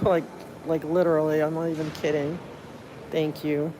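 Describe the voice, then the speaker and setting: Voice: mid-range voice, flat delivery, normal speed, big-room sound. A livestreamer, worn out from little sleep, chatting casually with viewers at a public meeting, rambling with lots of fillers and thanks. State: tired, running on little sleep. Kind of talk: casual live chat with viewers. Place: city hall building, indoors.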